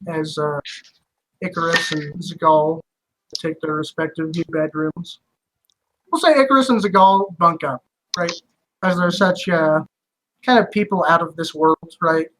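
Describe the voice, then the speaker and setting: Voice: medium pitch, a little slow, long pauses, a bit bright, slight background noise, poor audio. A laid-back game master running a tabletop game with friends. The talk is loose and chatty, with many fillers and frequent laughs.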